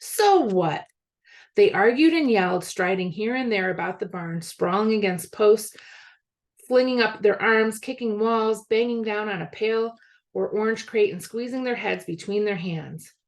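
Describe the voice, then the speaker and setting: Gravelly woman reading a storybook aloud. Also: medium pitch, moderate pace. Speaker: school media specialist.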